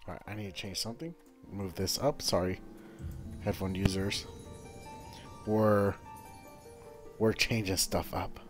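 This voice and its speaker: A man's voice: low voice, steady tone, measured pace, pauses often, music in the background. A man giving casual, offhand commentary to viewers while playing a game. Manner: offhand, chatty asides to viewers. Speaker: gaming streamer.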